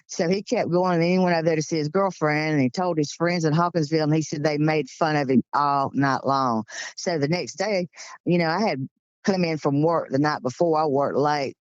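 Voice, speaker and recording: A woman's voice: low-pitched, moderate pace, dry recording. Southern woman in her sixties with a Georgia accent, rambling folksy storyteller, muffled dry lo-fi recording. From Georgia, USA. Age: 60s. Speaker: guest recounting encounters. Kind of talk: casual storytelling.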